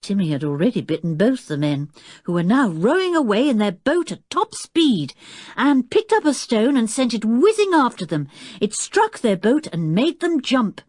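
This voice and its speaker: Expressive woman reading a children's story. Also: on the high side, moderate pace, dry recording, clean studio sound. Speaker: audiobook narrator. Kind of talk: scripted narration.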